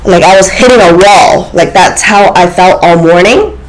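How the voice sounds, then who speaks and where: A woman's voice: on the low side, moderate pace, poor audio. A woman vlogger talking to her viewers in an earnest, reflective way, with many fillers and restarts. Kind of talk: casual spiritual talk to camera.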